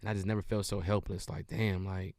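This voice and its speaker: A man's voice: deep voice, level tone, a little fast, no echo, clean studio sound. A man in his thirties from Detroit, a comedian guest in a casual interview chat, talking in a laid-back, rambling way. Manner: laid-back, rambling, bursts into loud laughing shouts.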